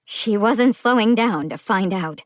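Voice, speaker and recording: A woman narrating a thriller audiobook in a measured storytelling style. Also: mid-range voice, expressive, no echo, clean studio sound.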